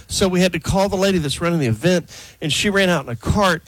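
Breathless higher-voiced radio host man. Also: fast, dry recording. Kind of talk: live morning radio chat. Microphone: headset.

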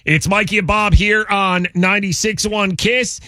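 A man hosting a morning radio show, energetic and laughing easily as he chats. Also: high voice, normal speed, no echo, clean studio sound. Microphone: studio microphone.

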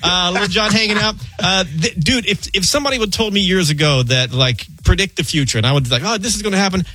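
A man hosting a radio countdown show, chatting excitably with a guest in a studio. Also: high-pitched, fast talker, dry recording. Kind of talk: upbeat radio interview chat.

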